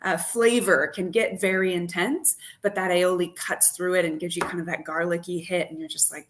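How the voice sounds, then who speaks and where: A woman's voice: lowish voice, steady tone, moderate pace, few pauses, a little hiss or hum. A woman, a wine expert and tour guide, who talks as a radio guest in an enthusiastic, vividly descriptive way. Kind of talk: interview guest.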